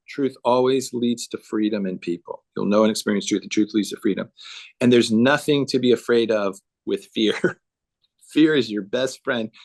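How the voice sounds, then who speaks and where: A man speaking earnestly on a video call, telling a story with emphasis and acting out the dialogue. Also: medium pitch. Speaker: guest speaker.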